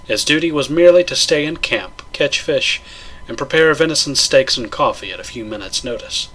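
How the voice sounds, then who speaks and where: Bright, husky male story narrator. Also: medium pitch, lively intonation, moderate pace. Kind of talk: dramatic audiobook narration.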